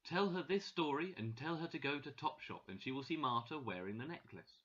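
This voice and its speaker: A man voicing a kind, thoughtful French man with a French accent, speaking slowly and clearly, in a dull lo-fi recording. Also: medium pitch, animated, a bit bright. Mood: calm.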